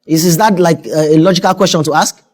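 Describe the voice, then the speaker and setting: Fast-talking high-voiced male host. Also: fairly even intonation. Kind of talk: talk-show interviewing.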